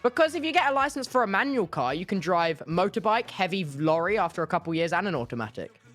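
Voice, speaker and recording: A young man with a British accent chats as a guest on a stream. He talks fast and cheekily, his pitch bouncing all over. Faint music runs behind. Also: very animated, a bit bright. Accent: British English. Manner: quick, cheeky and playful. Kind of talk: casual streamed interview.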